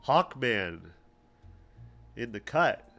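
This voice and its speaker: A man's voice: mid-range voice, fairly bright tone. A man co-hosting a livestream, giving offhand, mocking outfit commentary that trails off into fillers. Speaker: podcast co-host.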